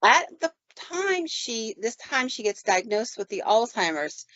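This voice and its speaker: A woman's voice: fairly high pitch, very animated, unhurried, a bit bright, no room sound. A woman spinning a paranormal tale from her own life on a podcast, casual and chatty, slipping into the voices of the people she describes. Her voice is close and dry, with a slightly dull, muffled tone. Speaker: podcast host. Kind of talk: casual storytelling.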